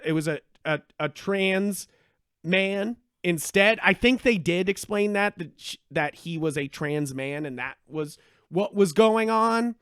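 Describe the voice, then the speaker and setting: Man, high voice, animated and swearing, rambling restarts, dry close sound. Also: smooth, no echo. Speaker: podcast co-host. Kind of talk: casual podcast chat.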